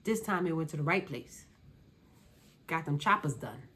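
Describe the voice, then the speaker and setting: A woman gives casual commentary on a reality show. Her voice sits a little low, and she is sassy and dismissive, hammering the same phrase over and over. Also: animated, moderate pace, fairly bright tone, slightly rough.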